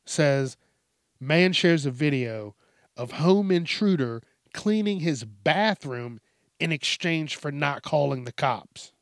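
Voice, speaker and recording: A man's voice: on the high side, expressive, slow pace, dry recording, clean studio sound. A man hosting a casual news commentary show, swearing often, laughing and acting out quotes in exaggerated voices. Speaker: host.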